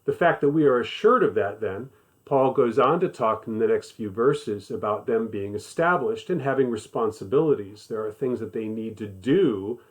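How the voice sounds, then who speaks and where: A man's voice: lowish voice, lively intonation, moderate pace. A man teaching a Bible study in a conversational voice, stressing points by repeating them. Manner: conversational, emphatic repetition. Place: living in the American South.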